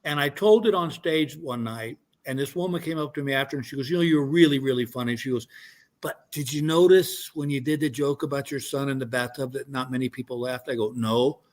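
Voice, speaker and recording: A man's voice: mid-range voice, fairly quick, a little mellow. An older man, a guest comedian, telling stories in casual chat and rambling with many restarts.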